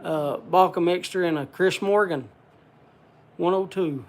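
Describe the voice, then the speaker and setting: High-voiced rambling man on a casual stream. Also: unhurried. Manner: rambling, reads off viewer names with many "uh" fillers; chatty and folksy, talks to the audience by name. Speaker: livestream host. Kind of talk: casual livestream chat.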